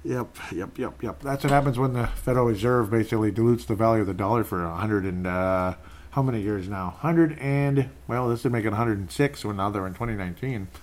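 A man's voice: on the low side, a little fast, a little mellow. A man in his thirties hosting a podcast, rambling casually as he reads out listener comments and laughs often. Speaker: podcast host. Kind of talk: casual live-stream chat reading comments.

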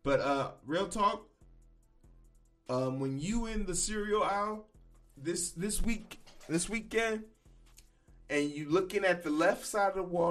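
A man hosts a casual podcast, riffing bluntly and profanely with sudden loud emphatic bursts. His voice sits a little high for a man, and faint music plays underneath. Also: measured pace, pauses often. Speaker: podcast host. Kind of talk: casual opinion commentary.

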